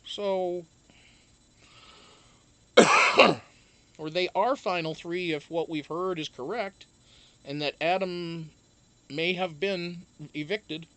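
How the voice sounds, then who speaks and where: A man's voice: high voice, steady tone, slow pace, long pauses, a bit bright, no echo. Casual, cursing streamer man. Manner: rambling, profane, greets chat viewers by name. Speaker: live-stream show host. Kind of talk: casual live-stream chat.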